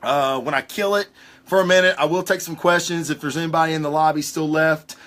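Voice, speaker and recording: A man hosting a casual livestream comic book review, talking in an excitable, rambling way with lots of swearing. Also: fairly high pitch, a little fast. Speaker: comic book show host.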